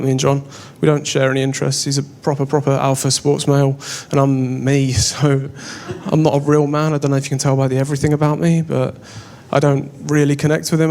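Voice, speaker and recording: A man's voice: medium pitch, creaky, darkish tone. A young English man doing stand-up, telling a story on stage in a wry, self-deprecating way. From England. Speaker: stand-up comedian. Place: on stage before a live audience.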